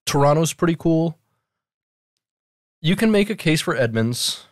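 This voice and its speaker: A young man co-hosting a podcast, emphatic and sweary, speaking in quick bursts. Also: a little high, lively intonation, dry recording, clean studio sound. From Alaska. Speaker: podcast co-host. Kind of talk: casual podcast chat.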